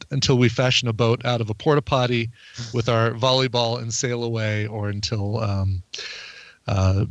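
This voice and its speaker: A man's voice: mid-range voice, dry recording, muffled recording. A man hosting a casual music podcast, rambling and jokey, often stopping to restart his sentences. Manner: rambling, self-interrupting, jokey. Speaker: podcast host.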